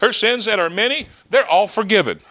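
A man acting out Jesus as a calm but pointed teacher, stressing words by repeating them. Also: sits high, brisk, pitched above the performer's own voice. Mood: emphatic.

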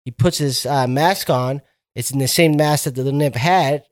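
A man's voice: medium pitch, moderate pace, dry recording, studio quality. A young man in a casual chat, retelling a plot in a rambling, profane way.

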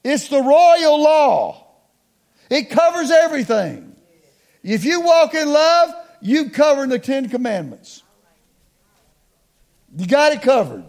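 A middle-aged man preaching a sermon, calling on the congregation to respond, slowing down to stress key words and dropping into quiet asides. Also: very high-pitched, very animated. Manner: call-and-response preaching, slows for emphasis, drops to hushed asides.

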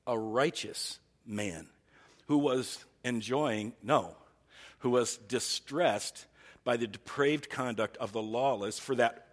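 A man's voice: mid-range voice, in a large hall. A man preaching a sermon as pastor, earnest and thinking aloud, often restarting his sentences.

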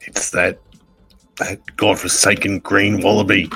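A man's voice: low-pitched, flat delivery, unhurried, creaky, pushed and bright, slightly rough, faint music behind, exaggerated voice. A man voicing a brash, petty male wallaby superhero, during tabletop role-play. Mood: indignant. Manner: indignant and boastful.

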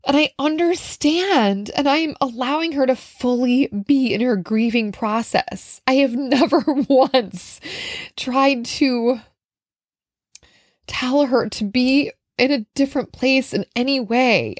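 A woman's voice: high-pitched, slow pace, no echo, studio quality. A woman from Minnesota hosting a solo podcast as a nutrition coach, talking in an earnest, heartfelt, conversational way with fillers. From Minnesota, USA. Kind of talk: reflective solo podcast monologue.

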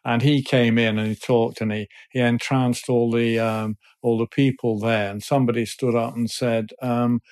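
Older man, mid-pitched, hesitant and thoughtful, interview guest. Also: flat delivery, moderate pace, hardly any pauses, darkish tone. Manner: thoughtful, hesitant, many fillers. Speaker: guest, business person.

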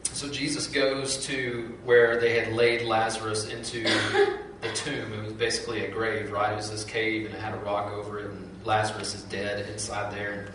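A man preaching a sermon, telling the story with lively acted-out quotes and frequent repeats and restarts. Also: on the low side, moderate pace, heavy reverb, recorded from a distance, slight background noise, rough recording. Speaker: pastor.

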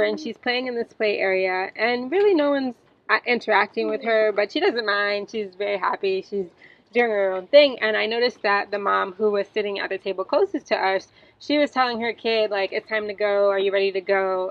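Gentle young mother telling a story. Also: mid-range voice. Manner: gentle, reflective, with soft fillers. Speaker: mother sharing a story and a prayer. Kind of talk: casual storytelling monologue. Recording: slightly dull, faint background hiss.

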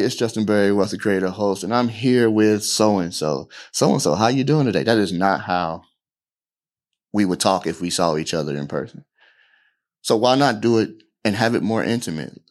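A man coaching a workshop audience on podcasting, talking casually and often checking in with "right?". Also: lowish voice. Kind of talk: casual talk to a live audience.

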